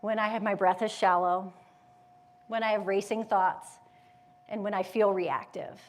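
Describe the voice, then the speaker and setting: Her pitch is medium as she gives a motivational talk live to a crowd, chatting lively with them and throwing out questions. The speaker, a yoga educator and mother of school-age children, animatedly slips into inner voices with quick quotes.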